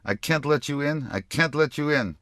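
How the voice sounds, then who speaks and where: A man voicing a frail elderly grandmother with a thick Yiddish accent, speaking rapidly and anxiously while repeating herself in a storybook reading. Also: fairly high pitch, a bit bright, no echo, studio quality, voice pushed up, natural voice.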